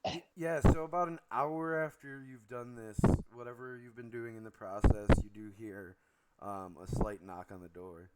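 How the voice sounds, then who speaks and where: A man runs a tabletop game, narrating in a halting way with frequent fillers and self-corrections. His voice sits at a middle pitch. A home microphone picks him up over a loud hiss of background noise. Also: fairly even intonation. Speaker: game master.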